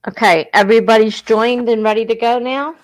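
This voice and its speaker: A woman's voice: on the high side, steady tone, fairly quick. A woman from southern New Jersey with a South Jersey accent, hosting a casual livestream, chatting and reading viewer comments aloud, laughing often. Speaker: livestream host.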